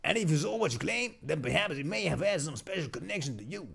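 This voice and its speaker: A calm, mysterious townsperson from a video game speaks in a raised, gravelly voice, as a male streamer puts it on. The delivery is measured and storytelling, with the pitch rising and falling in a lively way. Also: heavily acted. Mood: musing.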